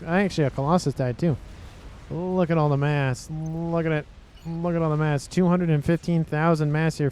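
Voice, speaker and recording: Male game caster, slightly high voice, mellow and easygoing, joking and rambling through the play-by-play. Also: a little hiss or hum. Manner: chatty and joking, often laughing and repeating himself. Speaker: game commentator. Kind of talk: casual commentary on a strategy game match.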